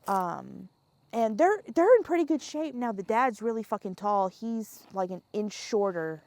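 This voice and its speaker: A young woman telling a story in casual podcast chat, animated and laughing often, swearing freely and acting out the scenes. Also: mid-range voice, measured pace.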